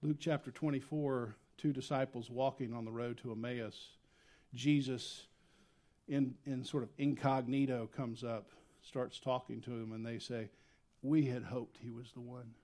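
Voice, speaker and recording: A man preaching a sermon as pastor, swinging between loud emphatic lines and quiet, low asides. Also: fairly even intonation, measured pace. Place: church sanctuary.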